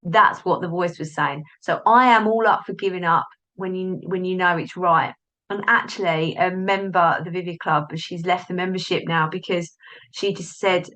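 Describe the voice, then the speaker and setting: A woman's voice: lowish voice, steady tone, moderate pace, pushed and bright, poor audio. Woman doing a solo podcast, chatty, keeps cutting herself off and acting out little voices, built-in mic. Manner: chatty, self-interrupting, acts out inner voices. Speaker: podcast host, business coach. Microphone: device's built-in mic, not the plugged-in one.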